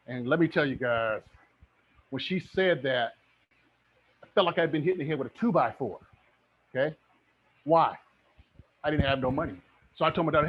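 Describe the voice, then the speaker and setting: A middle-aged man with a slightly high voice teaches a live online real estate webinar. He is energetic and motivational and keeps checking in with his viewers. The audio is dull and lo-fi, like a computer mic, with faint background noise. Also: normal speed, long pauses.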